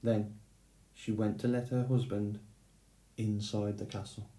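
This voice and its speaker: Slow, low-voiced man reading a fairy tale. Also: flat delivery, warm tone, reverberant. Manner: measured, unhurried reading. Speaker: storyteller. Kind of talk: storybook read-aloud.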